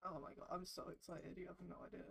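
A woman streaming a video game, chatting casually, gushing excitedly and swearing now and then. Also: fairly low pitch, fast talker, vocal fry, slightly rough. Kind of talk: casual gameplay stream chat. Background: game music.

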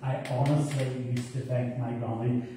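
Northern Irish pastor preaching in an echoey church. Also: male voice, mid-range voice, little pitch movement, moderate pace. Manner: warm anecdotal, humorous asides. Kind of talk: storytelling sermon. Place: church hall. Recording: echoey church from far off, faint noise.

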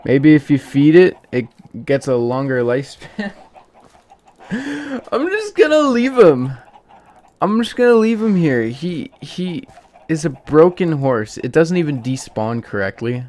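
A man's voice: medium pitch, lively intonation, moderate pace, mellow. A man doing let's play commentary of a game, exasperated and pleading, with jokey asides. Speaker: gaming youtuber.

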